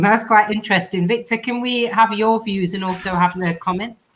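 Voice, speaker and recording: A woman's voice: mid-range voice, steady tone, moderate pace, fairly bright tone. A woman hosting a podcast panel, thoughtfully asking questions and handing the floor to others. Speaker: podcast host and moderator. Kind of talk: casual panel discussion.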